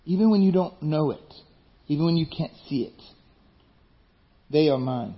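A man's voice: fairly high pitch, lively intonation, moderate pace, lo-fi sound. A male pastor preaching a conversational sermon, joking and asking the listeners questions.

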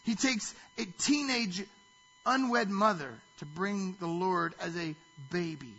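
Male pastor, sermon, husky voice, dull lo-fi recording, scripture reading with rhetorical questions. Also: sits high, slow pace, pushed and bright. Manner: reads scripture aloud and breaks off to ask the listeners rhetorical questions.

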